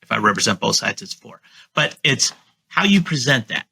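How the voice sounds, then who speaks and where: A man's voice: medium pitch, sing-song, moderate pace, creaky, a crowd in the background. A man on a remote call, a real estate agent talking casually and confidently as a guest, coaching listeners and often repeating himself. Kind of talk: casual interview chat.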